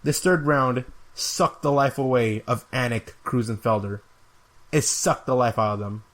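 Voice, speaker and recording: A man's voice: medium pitch, measured pace, a bit bright. A man hosting a podcast, giving a casual, rambling fight review with an exasperated tone and lots of filler words. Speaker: podcast host.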